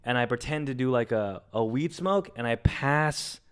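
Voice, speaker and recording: A man's voice: medium pitch, normal speed, clear, resonant tone. A young man, a podcast co-host, telling a long story casually and acting out what people said. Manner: animated storyteller acting out quotes.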